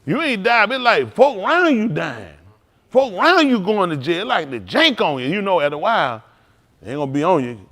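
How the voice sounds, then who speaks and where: A male preacher giving a loose, heartfelt testimony in a synagogue hall, his voice swinging widely in pitch as he talks. He sits a little high for a man, moving between quiet confession and loud, laughing asides to the congregation. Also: very animated, fairly quick. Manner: emotional, conversational, laughing and exclaiming. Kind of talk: informal sermon testimony. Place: synagogue hall during livestream.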